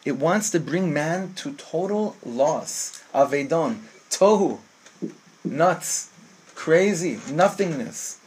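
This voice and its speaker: Husky, impassioned man teaching Torah. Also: on the high side, lively intonation, slow pace, a little mellow. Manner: impassioned, mixes Hebrew phrases, acts out angel voices. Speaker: rabbi teaching. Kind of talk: Torah class sermon.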